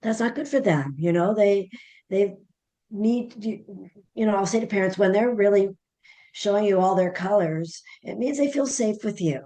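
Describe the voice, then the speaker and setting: A woman's voice: mid-range voice, moderate pace, dark tone. A middle-aged woman, a parenting author guest, telling a story animatedly and acting out the dialogue. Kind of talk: conversational storytelling interview.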